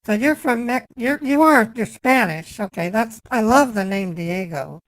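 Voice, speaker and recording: A man's voice: high-pitched, unhurried, a bit bright, dry recording. A man putting on the voice of a fussy, prim woman in her thirties for a prank phone call, chatty and nitpicking with mock flirting. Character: fussy, prim 36-year-old woman customer. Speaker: scambaiter.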